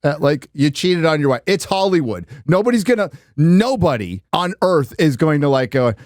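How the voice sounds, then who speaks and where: A man's voice: on the high side, lively intonation, normal speed, few pauses, a little mellow, no echo, studio quality. A man hosting a livestream reaction show, chatting casually with a sarcastic, joking edge. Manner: joking, sarcastic, laughs often.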